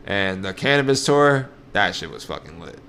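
A man's voice: low voice, big pitch swings, normal speed, a bit bright, slight background noise. A young man with a New York accent chatting casually on a podcast, loose and profane, laughing often. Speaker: podcast co-host. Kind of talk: casual chat.

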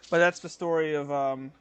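Rambling young man with a higher voice. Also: clean tone. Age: 20s. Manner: rambling, full of fillers and self-corrections; laughs often while talking. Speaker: podcast co-host. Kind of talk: casual podcast storytelling.

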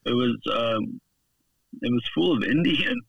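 A young man chatting casually, rambling through travel stories with laughs and quick impressions. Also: medium pitch, animated, vocal fry, lo-fi sound, slight background noise. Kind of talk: casual chat.

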